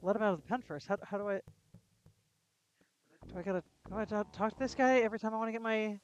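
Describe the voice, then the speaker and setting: A woman with a mid-range voice speaks fast while live-streaming a video game, the audio dull with a little hiss or hum. Her commentary is casual and chatty, drifting into rambling self-talk with frequent restarts as she addresses viewers.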